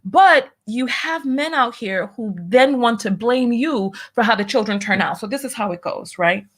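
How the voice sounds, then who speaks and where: A woman's voice: a little high, animated, moderate pace. A woman hosting a casual commentary show, talking wryly with rhetorical questions and reading out viewer donations. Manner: talkative, wry, rhetorical questions. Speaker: show host.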